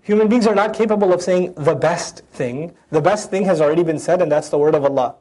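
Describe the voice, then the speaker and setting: Fast, high-voiced man teaching the Quran. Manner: animated, acts out voices of the verses; recites Arabic verses then translates. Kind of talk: Quran lecture.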